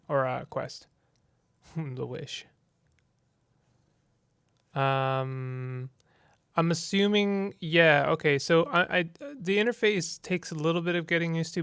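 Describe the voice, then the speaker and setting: A man's voice: fairly high pitch, gravelly, a bit bright, smooth, no echo, clean studio sound. A man giving casual gameplay commentary, playful and rambling with joking asides. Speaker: let's play host. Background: faint game music.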